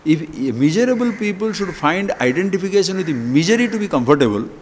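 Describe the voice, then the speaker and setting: A man delivers a spiritual talk, throwing out rhetorical questions with a lively, chuckling manner. His voice sits high for a man. The sound rings with a long reverb from a large hall. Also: fast, a little hiss or hum. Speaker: spiritual teacher. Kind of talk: spiritual discourse.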